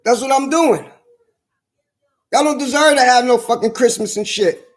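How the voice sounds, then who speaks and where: A man delivering a heated, profane monologue, repeating his points with slow, hammering emphasis. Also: very high-pitched. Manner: angry, profane, emphatic repetition.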